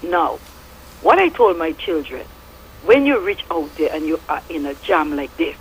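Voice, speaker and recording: A woman's voice: sits low, very animated, normal speed, slight background noise, rough recording. A middle-aged woman with a Statian Caribbean English accent, calling in to a radio show and giving fervent, preachy testimony with biblical references. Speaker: radio caller. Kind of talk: impassioned call-in testimony.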